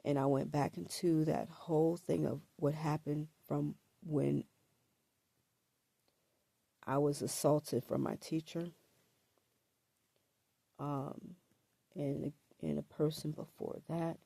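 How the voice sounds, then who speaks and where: This is a slow, halting first-person account delivered to camera by a woman whose voice sits low, gravelly, and husky, with a throat scratchy from allergies. Her tone stays steady, mellow, and dark while she repeats words and says "um" and "like." The audio is close and dry, with no room sound.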